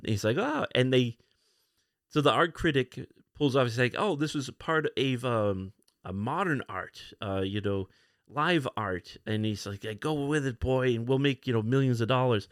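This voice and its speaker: A man hosting a podcast alone, casually retelling comic book issues, with many fillers and quick put-on lines for the characters. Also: mid-range voice, no echo, studio quality. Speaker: podcast host.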